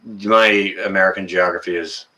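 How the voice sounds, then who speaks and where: A man's voice: sits low, steady tone, normal speed, pushed and bright. A Canadian man hosting a casual livestream, greeting viewers in the chat by name and chatting with plenty of fillers. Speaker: livestream host.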